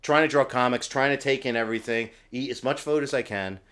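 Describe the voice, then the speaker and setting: A man from New Jersey, a comic book artist and podcast guest, talking loudly and excitedly in casual chat and swearing freely. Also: medium pitch, fast talker. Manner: loud, excitable, swears a lot.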